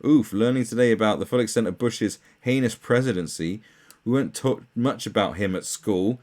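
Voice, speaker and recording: A man's voice: on the low side, normal speed, darkish tone. A man ranting through a commentary video, profane, sarcastic and exasperated. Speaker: commentary channel host.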